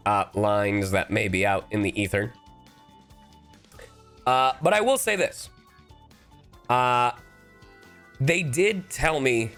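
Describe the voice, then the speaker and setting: A male streamer talks in a relaxed, joking way, his lowish voice swinging up and down a lot as he rambles. He sounds a little under the weather, with faint game music playing underneath. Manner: playful, goofy asides and repeated phrases. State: slightly sick, coughing. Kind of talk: casual live-stream chat.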